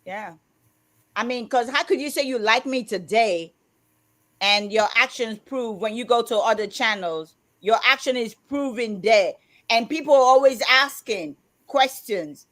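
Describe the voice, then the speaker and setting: A woman's voice: a little high, a little slow, fairly bright tone. A woman from Britain co-hosting a casual livestream chat, rambling, correcting herself and laughing often. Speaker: co-host.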